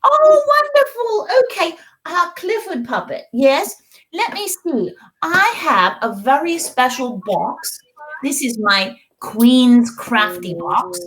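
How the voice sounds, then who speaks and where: A middle-aged woman hosts a children's storytime, coaxing her young viewers in a sing-song voice. Her pitch sits high and swoops widely. She takes her time with every phrase. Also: fairly bright tone, rough recording. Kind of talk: children's storytime and craft lesson in character.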